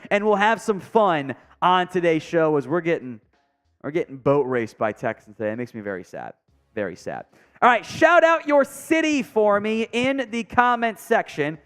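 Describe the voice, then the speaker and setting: Male stream host, high and lively voice, chatty and joking, reads chat aloud, soft music underneath. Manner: reads viewer comments aloud, chatty and joking, trails off into mumbled asides. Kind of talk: casual live stream chat.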